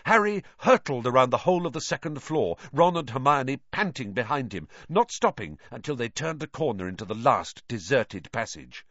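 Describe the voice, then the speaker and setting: A man narrating a fantasy audiobook with expressive storytelling. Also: mid-range voice, moderate pace, hardly any pauses, no echo. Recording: dry, slightly dull recording.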